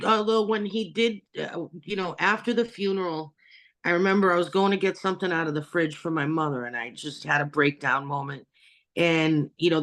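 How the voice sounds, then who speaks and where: Chatty woman host on a video call. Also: fairly low pitch. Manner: chatty, laughs between stories. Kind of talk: casual chat.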